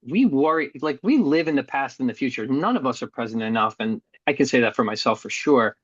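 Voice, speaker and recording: A man's voice: mid-range voice, brisk, no echo, dull audio. A middle-aged man telling a hard personal story as a guest, earnest and blunt, with some casual swearing. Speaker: podcast guest.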